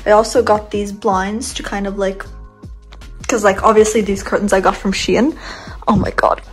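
Young woman vlogger, rambling room tour on a phone cam in a bedroom, soft music behind her. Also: medium pitch, flat delivery, moderate pace, rough recording. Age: 20s. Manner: chatty, rambling, giggly. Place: bedroom, indoors.

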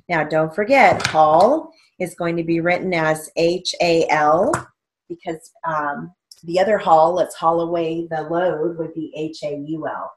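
A woman teaching steno theory, dictating sentences slowly and spelling out words letter by letter. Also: deep voice, slight background noise. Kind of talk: dictation lesson with explanations.

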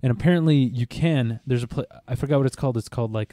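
A man hosting a podcast in casual chat, rambling and halting with many restarts. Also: medium pitch, mellow, no echo, clean studio sound. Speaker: podcast host.

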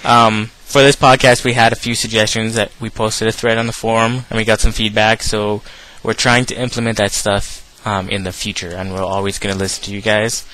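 A man's voice: fairly low pitch, flat delivery, a little fast, hardly any pauses, sharp tone, poor audio. A young man hosting a casual podcast chat, joking and teasing, sharing one mic in a room. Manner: joking, teasing, laughs often. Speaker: podcast host. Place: shared room with a passed mic.

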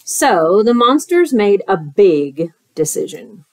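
A woman teacher reading a picture book aloud to children, expressive and playful, with squeals and sound effects. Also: medium pitch, takes it slowly, no room sound.

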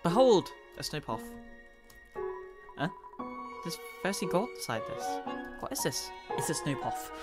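A woman narrating her gameplay in a lowish voice that swoops up and down with delight. She reads the on-screen text aloud and gushes playfully, with game music running in the background. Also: sing-song, a little slow, pauses often. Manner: gushing and playful, squeals over dogs. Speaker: let's play gamer.

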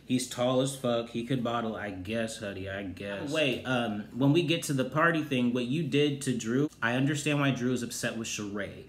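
A man giving a sassy, profane recap of a reality show, with loud exclaimed outbursts. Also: medium pitch, moderate pace, few pauses, slight background noise. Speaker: TV recap host. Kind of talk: casual review commentary. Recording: roomy echoey room.

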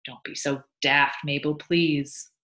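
A woman's voice: low voice, steady tone, slow, sharp tone, full character voice. A woman voicing a sly, boastful male beekeeper who teases his wife, in a read-aloud story. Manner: teasing, pleased with himself. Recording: echoey room.

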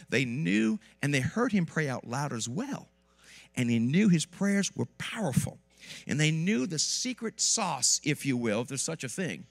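A man preaching a lively sermon in a church with asides to the congregation, while he has a cold. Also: fairly high pitch, gravelly. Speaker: pastor. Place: church sanctuary.

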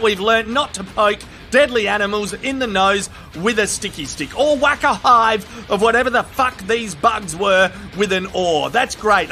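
A high, bright-voiced Australian man doing comic voice-over commentary, crude and excitable, tossing out slang and swearing as he goes. Music plays faintly behind him. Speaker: comedic video commentator. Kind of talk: comedic voice-over commentary on viral clips.

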